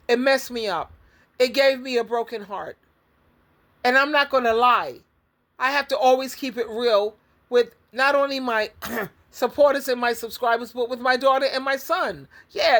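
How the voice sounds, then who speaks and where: Older woman advice vlogger, high voice, blunt and preachy, hammers key words by repeating them. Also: fairly bright tone. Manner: preachy, lecturing tone. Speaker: advice coach and Christian counselor. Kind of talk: personal vlog monologue.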